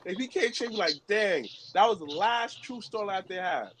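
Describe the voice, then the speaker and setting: A man talking wrestling on a podcast, animated and profane, full of slang. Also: high voice, normal speed, a crowd in the background. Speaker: podcast co-host. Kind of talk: casual chat.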